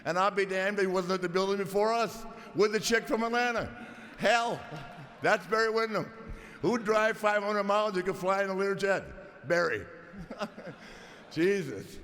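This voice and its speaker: A hall of fame inductee in his sixties gives a rambling, emotional acceptance speech full of stories before an audience in a large arena hall, stammering, laughing and near tears. His voice sits high and is fairly bright, at a moderate pace, with long hall reverb and crowd noise.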